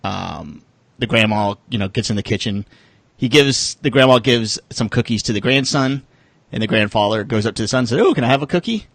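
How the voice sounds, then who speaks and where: A man's voice: lowish voice, normal speed, gravelly, fairly bright tone, no echo. A man co-hosting a fantasy football podcast, telling jokes and chatting loosely. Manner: joking, loose storytelling. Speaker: podcast co-host. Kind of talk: casual podcast banter.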